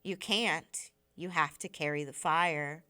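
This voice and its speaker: A weary, dying father speaking quietly and tenderly, as a woman reading a novel aloud puts him on. The tone is low and smooth, calm and steady in its reassurance. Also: slow, heavily acted. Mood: urging.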